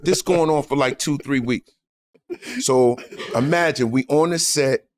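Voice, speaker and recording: A man who is a guest comedian, telling stories in a lively, laughing way and acting out the people in them. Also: mid-range voice, unhurried. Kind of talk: animated storytelling.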